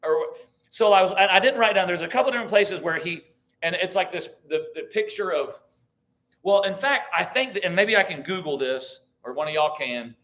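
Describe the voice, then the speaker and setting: A man's voice: high voice, a little fast, a bit bright. A man teaching a church Bible class, thinking aloud with restarts, reading verses and asking the group questions. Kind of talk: conversational Bible study teaching.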